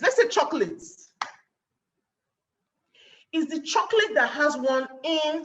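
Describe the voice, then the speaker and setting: A woman's voice: high-pitched, a bit bright, rough recording. A woman with a Nigerian accent giving a webinar talk as guest speaker, acting out little scenes and firing rhetorical questions.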